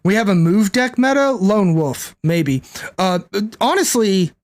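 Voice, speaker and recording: Chatty young man with a high voice. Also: expressive, a little slow, faint music behind. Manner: chatty, thinks aloud, reads and answers chat. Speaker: game streamer. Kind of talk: casual live-stream commentary.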